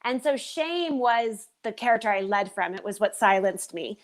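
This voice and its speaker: A woman performer talking as a guest in an animated, expressive way. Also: fairly high pitch, normal speed. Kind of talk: casual chat.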